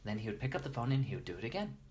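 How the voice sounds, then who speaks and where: A man's voice: on the low side, very animated, racing, darkish tone. A man in an interview earnestly and reverently telling stories, often restarting his sentences as he goes. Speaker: interview guest. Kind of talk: storytelling in conversation.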